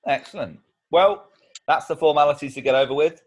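A man's voice: a little high, brisk, a little hiss or hum. A man co-hosting a casual comedy podcast, joking, laughing often and rambling with restarts. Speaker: podcast co-host.

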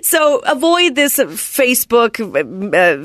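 Brisk advice-giving woman. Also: on the high side, sing-song, fairly bright tone, no echo, clean studio sound. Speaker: podcast co-host. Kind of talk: casual chat.

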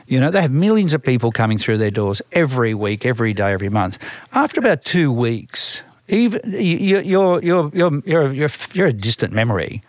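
Australian man, music manager, animated storyteller, mid-pitched voice, dry close sound. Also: brisk, few pauses, no echo. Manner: lively, acts out quoted voices, frequent restarts. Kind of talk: storytelling conversation.

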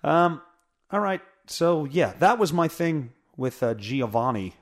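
Guy ranting solo on his podcast at home, cussing and making fun of himself, kinda high voice, mic with a pop filter. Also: very animated, unhurried. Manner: blunt, profane, self-mocking. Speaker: podcast host. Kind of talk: casual solo podcast rant. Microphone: studio mic with pop filter through a mixer.

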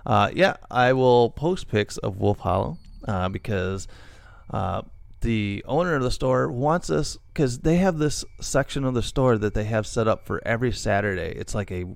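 A man's voice: medium pitch, expressive, normal speed, gravelly, no echo. A man co-hosting a paranormal podcast, chatting casually with lots of fillers and restarts. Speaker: podcast co-host. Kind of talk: casual chat.

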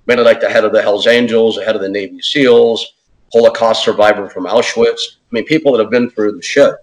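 A man telling a story as an interview guest in a casual, animated way, acting out quotes in other voices and saying "man" and "dude" often. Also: fairly low pitch, brisk, low-quality recording. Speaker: podcast host.

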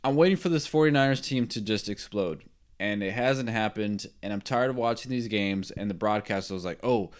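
A man with a fairly low voice talks football on a podcast. His delivery is loose and rambling, full of fillers and strong opinions. He chuckles now and then at his own remarks. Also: normal speed, clean tone. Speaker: podcast host. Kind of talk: casual sports talk.

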